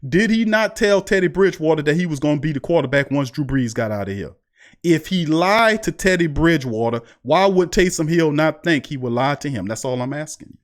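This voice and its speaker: Heated higher-voiced sports host. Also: male voice. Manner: heated, rhetorical, repeats questions. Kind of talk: live-streamed sports talk with chat.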